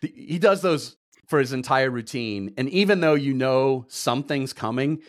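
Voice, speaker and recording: A man's voice: mid-range voice, lively intonation, moderate pace, no room sound. Dry-sounding podcast host man. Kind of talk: casual debate chat.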